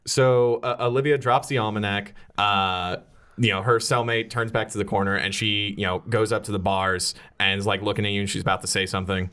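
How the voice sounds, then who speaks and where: A man's voice: on the low side, steady tone, a little fast, pushed and bright, clean tone. Man running a tabletop game. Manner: hesitant, full of fillers. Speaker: game master.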